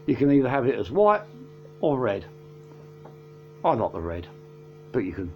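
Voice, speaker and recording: A man's voice: mid-range voice, very animated, moderate pace, pauses often, highs cut off, soft background music. A man, casually reviewing albums from his collection, rambling with many fillers and self-corrections. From England. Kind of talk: casual chat.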